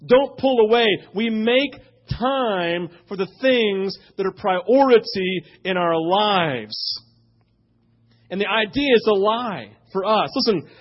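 A middle-aged pastor, preaching and telling a story, swinging between loud punches and hushed moments. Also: male voice, high voice, expressive, takes it slowly, lo-fi sound. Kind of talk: sermon.

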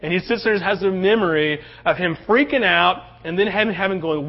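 A man with a high voice preaching in a casual, animated style, often tossing in "right?" to the congregation. The recording sounds dull and lo-fi. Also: brisk, few pauses. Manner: conversational, animated, acts out quotes, often asks "right?". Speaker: pastor. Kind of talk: sermon.

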